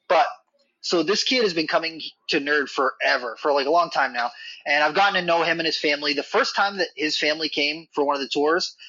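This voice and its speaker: His voice a little high, bright and forceful, a man who works at a reptile facility shares a meandering story as a podcast guest. He keeps saying "like" and "you know." The audio has no room sound and is dull, dry, and lo-fi.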